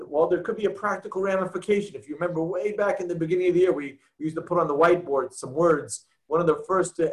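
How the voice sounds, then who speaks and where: A man's voice: a little high, rough recording. A man teaching a text-study class, explaining step by step, reading Hebrew and Aramaic terms aloud, and checking that his students follow.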